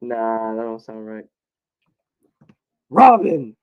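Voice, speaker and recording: A man's voice: mid-range voice, expressive, a little slow. A man rambling and thinking aloud in casual self-talk while recording a hobby video. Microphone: laptop or computer mic. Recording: tinny phone-like audio.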